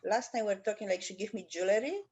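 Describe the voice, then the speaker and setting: A woman taking part in an online coaching session, speaking haltingly in non-native English and searching for words. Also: mid-range voice, a little mellow, husky. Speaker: coaching participant.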